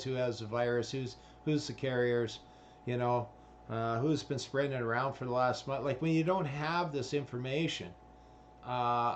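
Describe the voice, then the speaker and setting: A man's voice: mid-range voice, dull audio, a little hiss or hum. Swearing, rambling man. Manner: profane, rambling, full of fillers. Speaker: vlogger. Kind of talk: ranting commentary.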